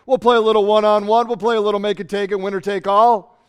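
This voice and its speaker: Big bragging giant warrior trash-talking, a preacher doing the voice. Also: male voice, high-pitched, flat delivery, fast talker, smooth, close to an everyday voice. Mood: taunting. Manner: taunting.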